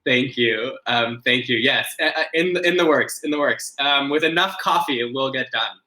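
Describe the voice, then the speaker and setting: A man's voice: medium pitch, moderate pace, sharp tone, rough recording. A man who is a podcast guest, earnestly explaining ideas and often restarting his phrases. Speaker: podcast guest, ritual designer.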